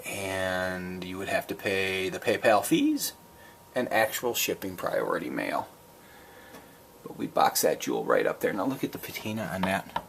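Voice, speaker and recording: A man's voice: sits low, sing-song, unhurried, vocal fry, a bit bright, slight background noise. A man with a Minnesota accent chatting in a casual, unscripted vlog, rambling with fillers and restarts as he shows and prices items, griping and swearing now and then. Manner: rambling and chatty, with frequent fillers and self-corrections; gripes with mild swearing. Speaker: collector selling and trading items.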